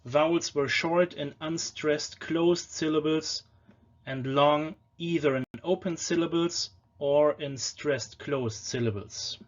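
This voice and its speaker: A man giving a patient lecture on ancient pronunciation, often slowing down to sound out single words. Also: on the high side, muffled recording. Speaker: language lecturer.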